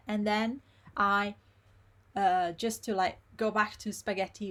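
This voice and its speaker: A woman's voice: mid-range voice, fairly even intonation, a bit bright. Woman teaching pronunciation. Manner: slow, careful modeling of each syllable in pronunciation drills. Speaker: Italian language teacher. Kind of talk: live online language lesson.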